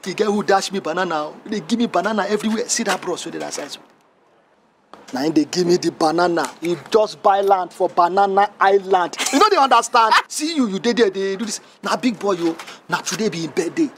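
A man's voice: sits high, a little fast, background noise. An actor with a Nigerian accent playing a cheeky young gateman who brags in Pidgin. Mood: joking. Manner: Nigerian Pidgin, boastful and joking. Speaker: gatekeeper.

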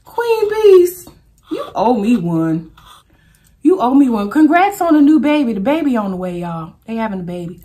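A woman food vlogger talking casually to camera while eating, animated and exclaiming, chanting at a spinning wheel. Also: a little high, normal speed, slight background noise.

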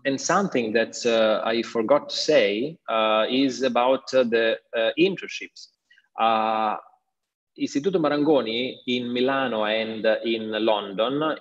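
A man with an Italian accent giving an online school presentation, hesitant with many fillers. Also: medium pitch. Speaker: school representative. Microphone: video call. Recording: dull lo-fi online call audio.

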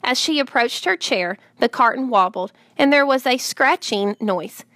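A woman's voice: a little high, no echo, studio quality. Woman reading a children's book aloud. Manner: measured, gently expressive. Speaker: audiobook narrator.

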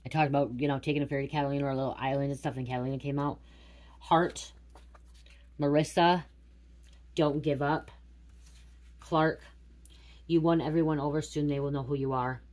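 Low-voiced woman reading cards aloud. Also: steady tone, a little fast, long pauses, darkish tone. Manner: musing aloud, repeating words. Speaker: tarot reader. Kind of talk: casual spiritual card reading.

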